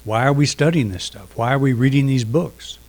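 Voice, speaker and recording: Unhurried man giving a reflective sermon. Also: mid-range voice, a little mellow. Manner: reflective, unhurried, with pauses and restarts. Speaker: minister.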